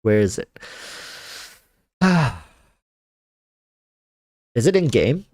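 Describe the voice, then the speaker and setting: A man's voice: mid-range voice, sing-song, drawn-out words, darkish tone, dry recording, clean studio sound. A man chatting casually on a livestream, rambling with lots of fillers and restarts, reading viewer comments. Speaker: streamer.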